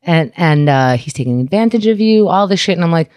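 A young adult woman telling candid, animated stories in casual chat and acting out the lines of people she quotes. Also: fairly low pitch, fairly quick, no echo, clean studio sound.

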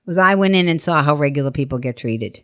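A woman guest on a chat show, talking in a rapid, animated way, acting out quotes in her stories. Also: deep voice, smooth. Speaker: comedian guest. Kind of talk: casual chat.

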